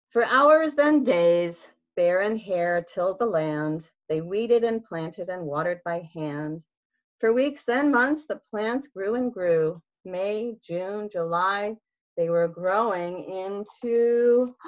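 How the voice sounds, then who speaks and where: A woman librarian reads a picture book aloud to young kids slowly, her pitch swinging widely in a sing-song, expressive style as she gasps and poses questions to them. The sound is dull and lo-fi, like a video call.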